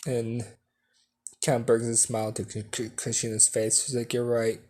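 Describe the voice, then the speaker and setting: A man's voice: mid-range voice, little pitch movement, moderate pace, darkish tone, husky. A man telling a fan story casually, rambling with fillers and restarts.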